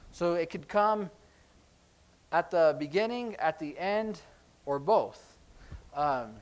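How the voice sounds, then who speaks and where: A man teaching a sign language class in a church classroom, explaining in a relaxed, conversational way with frequent ums. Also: a little high, smooth. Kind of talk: classroom lesson.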